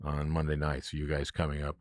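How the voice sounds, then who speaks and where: A man's voice: very deep voice, monotone, fairly quick, dry recording. A man hosting a podcast interview, laughing often and restarting his sentences. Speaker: podcast host. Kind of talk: casual interview.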